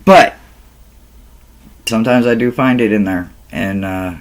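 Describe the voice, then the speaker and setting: Slow, laughing, foul-mouthed man. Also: lowish voice. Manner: animated, laughs often, swears freely; slow, drawn-out delivery. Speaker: tarot reader. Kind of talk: casual vlog chat.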